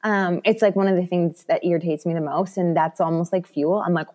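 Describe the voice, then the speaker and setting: A woman in her thirties, a podcast guest, chatting casually and acting out her own thoughts in animated asides. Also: fairly low pitch, brisk. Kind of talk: casual interview chat.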